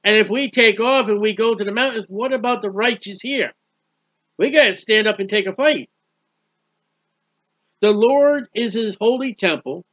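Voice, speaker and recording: A man teaches scripture in a relaxed, conversational sermon. His voice sits high and sounds bright and forward. He hammers points by repetition and rhetorical questions. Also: normal speed, pauses often, highs cut off. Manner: plain-spoken, asks rhetorical questions, repeats phrases for emphasis. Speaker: preacher.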